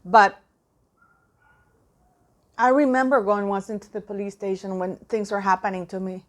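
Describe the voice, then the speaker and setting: A woman's voice: medium pitch, fairly even intonation, moderate pace. Indignant woman vlogger, emphatic. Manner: indignant, emphatic, repeats phrases. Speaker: commentary vlogger. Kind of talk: impassioned commentary.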